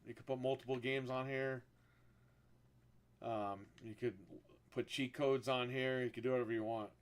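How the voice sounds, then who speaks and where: Guy streaming live, casual rambly gamer talk, swears a lot, mid pitch voice. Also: moderate pace, smooth. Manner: profane, rambling and animated when telling stories.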